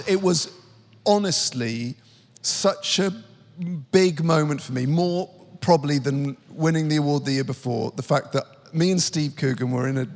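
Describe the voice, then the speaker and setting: A man who is a guest comedian in a casual chat, animatedly telling stories and acting out the people in them, on stage before a live audience. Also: mid-range voice. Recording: live venue with long reverb.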